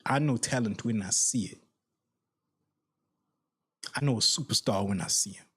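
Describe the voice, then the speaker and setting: A man's voice: medium pitch, moderate pace, bright, forceful tone, slightly rough. A man hosting a sports reaction channel, ranting heatedly and profanely at his viewers, repeating his points for emphasis. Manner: heated, repetitive, profane, addresses viewers directly. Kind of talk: angry solo reaction rant.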